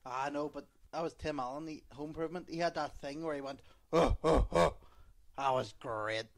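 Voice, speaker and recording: A man's voice: fairly high pitch, a little fast, no echo, clean studio sound. A young Northern Irish man co-hosting a podcast, sardonic and crude in casual banter. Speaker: podcast co-host.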